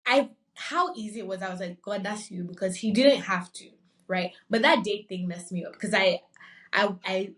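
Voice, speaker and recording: Nigerian-born woman telling a lively story. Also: mid-range voice, moderate pace, distant mic. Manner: animated, acts out quoted voices. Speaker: podcast guest. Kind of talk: casual storytelling.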